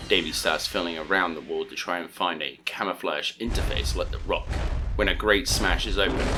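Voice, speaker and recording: A man reading an audiobook story as narrator, steady and earnest. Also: deep voice, noisy background. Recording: narration over music.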